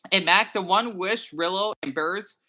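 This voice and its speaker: A man's voice: high-pitched, unhurried, bright, forceful tone. A man streaming live, chatting casually in a rambling way, stammering and repeating words as he goes.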